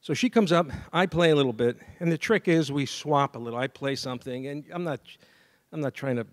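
Commencement speaker: a man with a slightly high voice, animated storyteller who scats tunes and acts out dialogue. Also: brisk. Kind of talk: storytelling speech at a graduation ceremony. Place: university degree ceremony.

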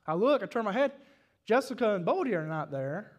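High-voiced Southern preacher. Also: male voice, sing-song, a little fast, muffled recording. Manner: folksy storytelling that builds to shouted exhortation. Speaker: pastor. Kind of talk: sermon. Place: church service.

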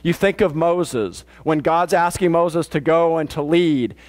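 High-voiced man preaching a casual sermon. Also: measured pace. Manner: plain-spoken and matter-of-fact, with frequent restarts. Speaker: pastor. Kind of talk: conversational sermon. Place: church.

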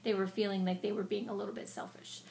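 A woman teacher reading a storybook aloud to children, pausing to explain it in a patient, explanatory manner. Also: medium pitch, little pitch movement, darkish tone, slight background noise.

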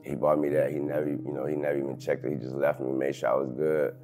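Very deep gravelly man, halting. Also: little pitch movement, faint music behind. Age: 30s. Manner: halting, restarts sentences, loud when quoting others. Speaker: interview guest. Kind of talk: candid personal storytelling.

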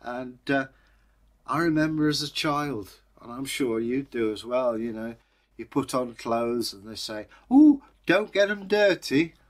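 A man's voice: medium pitch, fairly even intonation, unhurried. A man hosting his own channel, telling an old folktale in a chatty way with jokey asides. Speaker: storyteller, channel host. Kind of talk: casual folktale storytelling.

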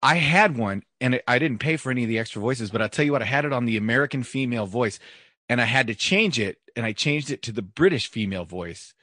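A man's voice: medium pitch, animated, fast, a bit bright, no echo, studio quality. A man hosting a podcast, telling wry stories in casual banter. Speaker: podcast host.

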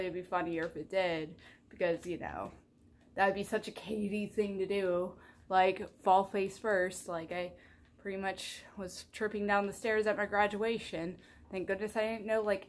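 Bubbly rambling young woman vlogger. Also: lowish voice. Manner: bubbly, rambling, self-deprecating. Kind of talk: casual daily vlog chat.

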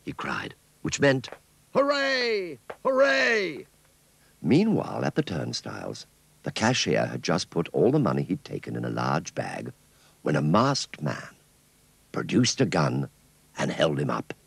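A man narrating a children's cartoon story in an expressive storytelling manner. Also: rumbling low, moderate pace, creaky, slightly rough, no room sound.

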